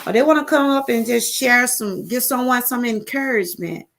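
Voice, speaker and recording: Livestream host, middle-aged Southern woman, slightly high voice, loose rambling talk that circles back to its point. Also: moderate pace, a bit bright. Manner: rambling, repetitive, addresses viewers as y'all. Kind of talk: casual live-stream chat.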